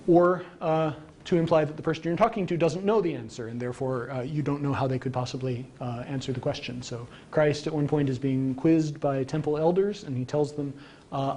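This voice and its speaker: A man giving a conversational public lecture from slides, with frequent ums and casual asides. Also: dark tone. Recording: archival local-TV lecture tape, faint rumble.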